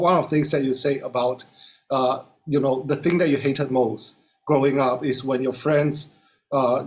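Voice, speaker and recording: A man hosting an interview, hesitant, with many fillers and repeated words. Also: mid-range voice. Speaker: interviewer host. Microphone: video call.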